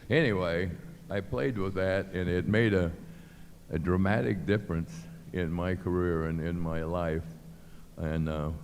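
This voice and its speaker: An older man spins stories in a very deep voice, playing out each quoted line with lively shifts. The sound carries a long hall reverb over faint background noise. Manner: animated storyteller acting out quotes. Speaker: guest. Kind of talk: storytelling. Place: club venue with live audience.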